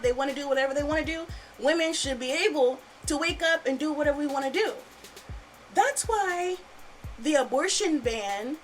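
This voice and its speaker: A woman's voice: sits high, pushed and bright, rough recording. A woman hosting a casual podcast, angry and swearing freely, repeating her points. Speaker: podcast host.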